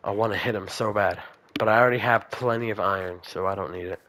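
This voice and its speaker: A man's voice: lowish voice, fast, slight background noise. Chatty young man narrating his gameplay. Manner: chatty, talks to game characters, bursts of excited shouting. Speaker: gamer. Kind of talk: casual let's play commentary.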